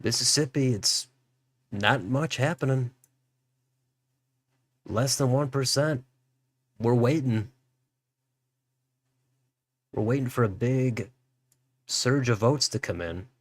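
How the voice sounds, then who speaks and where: A man's voice: mid-range voice, takes it slowly, long pauses, no echo. A man hosting a political livestream, musing aloud as he reads out election results. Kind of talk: live election results commentary.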